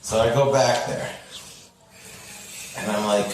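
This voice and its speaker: A man's voice: fairly even intonation, slow, a little hiss or hum. Storytelling man with roomy, distant sound. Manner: acts out voices with big swings in pitch. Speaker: podcast host. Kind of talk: animated storytelling in casual chat. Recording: roomy and off-mic.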